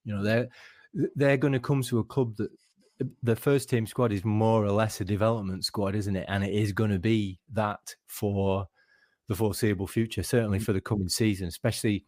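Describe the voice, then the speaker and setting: A man's voice: lowish voice, a little mellow, no echo, studio quality. A man co-hosting a casual football podcast, thoughtful and restarting sentences as he thinks aloud.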